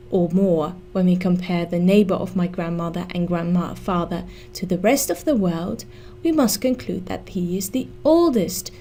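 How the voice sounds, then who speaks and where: A woman teaching an English grammar lesson, explaining slowly and deliberately and spelling out letters. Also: mid-range voice, warm tone, slight background noise.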